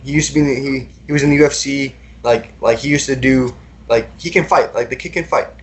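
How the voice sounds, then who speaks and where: A man's voice: mid-range voice, fairly even intonation, fast, a little hiss or hum. Young man telling his story, rambling. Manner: casual, rambling, many fillers and repeated words. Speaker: guest. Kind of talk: recounting personal experiences in a podcast interview.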